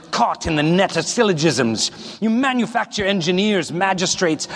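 A man voicing a grave European orator, reading a solemn text slowly in a put-on heavy German-style accent. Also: on the high side, a bit bright. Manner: solemn slow declamation. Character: grave European male orator denouncing society. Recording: long reverb of a large hall.

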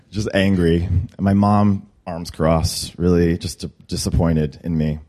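A young man telling a personal story to a room, lively, with high squeaky voices for quotes. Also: slow. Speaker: storyteller at a workshop.

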